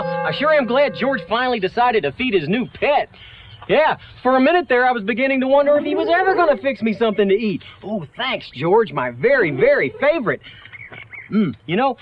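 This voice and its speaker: A man's voice: very high voice, lo-fi sound, slight background noise. An actor playing an eager cartoon man who is kept as a pet, with a whiny, begging way of speaking. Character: pleading man treated as a pet. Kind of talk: cartoon voice acting.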